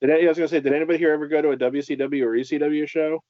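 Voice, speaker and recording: A man's voice: fairly high pitch, steady tone, very fast. A middle-aged man in a casual podcast chat, curious and asking questions. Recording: dry, dull lo-fi sound.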